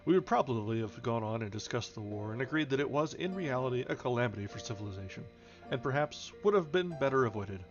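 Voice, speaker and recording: An expressive man with a mid-range voice reads a novel fast for a livestream audience, like an audiobook. Foreign names occasionally trip him up before he corrects himself, and faint music plays under the dull lo-fi sound.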